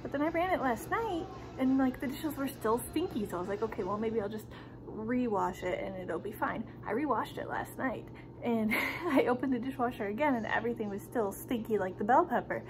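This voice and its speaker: A chatty woman with a fairly high voice talks straight to her viewers in a loose, rambling way. She giggles between thoughts and drifts easily from one remark to the next. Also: expressive, brisk, rough recording. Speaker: vlogger. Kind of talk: casual vlog chat.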